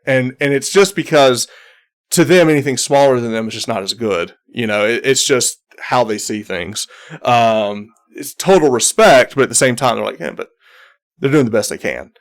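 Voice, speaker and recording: A man narrating as game master of a tabletop game, talking in halting runs with many ums and restarts. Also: mid-range voice.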